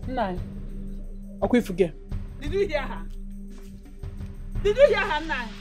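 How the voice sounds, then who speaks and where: An actress with a Nigerian accent playing a mother who loudly and indignantly confronts a rival woman. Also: high voice, sing-song, slow, over music, exaggerated voice. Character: mother accused, indignant and defiant.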